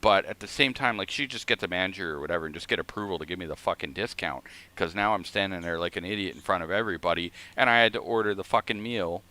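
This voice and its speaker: A man's voice: low voice, quick pace, few pauses, sharp tone. A man streaming a flight simulator, telling a rambling, profane story in casual chat.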